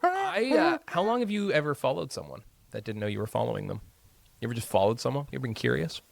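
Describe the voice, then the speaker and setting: A young man co-hosting a podcast, teasing his partner in quick casual banter. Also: medium pitch, big pitch swings, gravelly, no echo. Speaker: podcast co-host. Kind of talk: casual chat.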